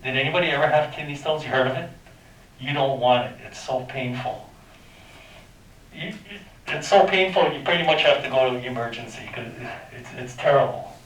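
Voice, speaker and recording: A man's voice: medium pitch, brisk, fairly bright tone, distant mic. Man teaching math in an echoey classroom. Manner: informal, quizzes students, makes sound effects. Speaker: high school math teacher. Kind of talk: classroom lecture.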